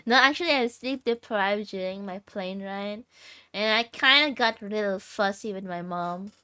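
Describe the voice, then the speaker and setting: A woman's voice: mid-range voice, normal speed, bright, forceful tone, clean tone, no echo. A tired young woman livestreamer chatting casually with her viewers and laughing often. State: tired, sleep deprived.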